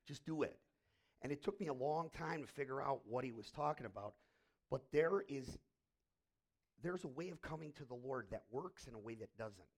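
Man, pastor, sermon, raspy gravelly tone, lively swooping pitch, whispers then shouts. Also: moderate pace. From Irish heritage. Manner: swings from hushed whispers to loud emphatic bursts. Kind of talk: sermon and prayer.

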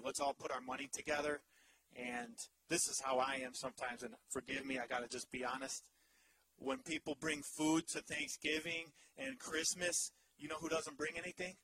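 A male pastor in his thirties preaching a sermon in an animated, humorous way, swinging from loud to hushed. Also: medium pitch, background noise.

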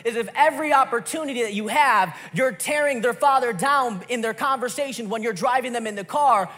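A man preaching a sermon, telling a personal story in an animated way with quick restarts. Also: extremely high pitch, big-room sound. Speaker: pastor.

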